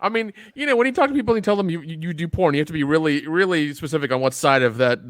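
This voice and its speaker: A man co-hosting a podcast, telling a comic bit with rapid stammering restarts. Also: a little high, no room sound, clean studio sound. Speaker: podcast co-host. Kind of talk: casual comedic banter.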